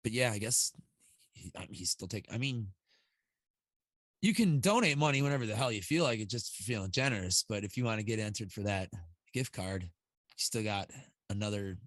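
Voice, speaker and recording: A man's voice: fairly low pitch, lively intonation, fairly quick, fairly bright tone, no room sound. A man co-hosting a casual livestream, talking loosely and profanely and laughing often. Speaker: livestream co-host mixing e-liquids.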